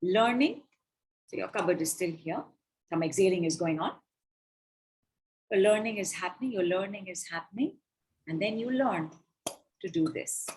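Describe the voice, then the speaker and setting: A woman, leading a spiritual money coaching call, chanting affirmations and breath cues in slow repetitions. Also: mid-range voice, darkish tone, a little hiss or hum. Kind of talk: guided affirmation session on a call.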